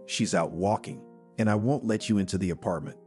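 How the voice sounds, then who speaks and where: A man's voice: on the low side, fairly quick, a little mellow, faint music behind, lightly acted. A man voicing a stubborn, irritable mother defending her home in a read-aloud story. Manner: irritable, defiant.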